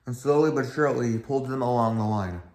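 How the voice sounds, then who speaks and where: Here a man reads aloud from a children's railway story in a plain way, with small slips, at a quick pace. His voice is mid-range and a little mellow, and the echoey room carries faint background sound.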